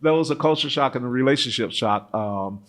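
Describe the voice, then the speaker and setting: Man, middle-aged, African-American accent, animated, laughing storyteller, interview guest. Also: medium pitch, brisk. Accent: African-American English. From United States. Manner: animated, laughs often, acts out quoted voices.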